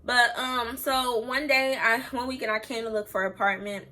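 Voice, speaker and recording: A woman's voice: on the high side, fairly even intonation, moderate pace, bright, forceful tone. A young woman telling a personal story time on her vlog, candid and chatty, talking straight to her viewers and close to tears at times. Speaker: vlogger.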